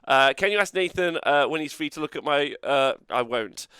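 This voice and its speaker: A man's voice: on the high side, expressive, pushed and bright, clean tone, dry recording, studio quality. A man hosting a casual group chat, playful and often laughing. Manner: laughs a lot, quick and playful. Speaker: podcast host.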